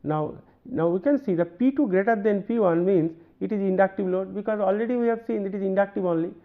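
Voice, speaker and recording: High-voiced Indian lecturer, phone-like sound. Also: male voice, fast. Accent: Indian English. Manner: hesitant, repeats himself, many fillers and "right?" checks. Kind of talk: university lecture, working through circuit examples. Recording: narrow phone-like band.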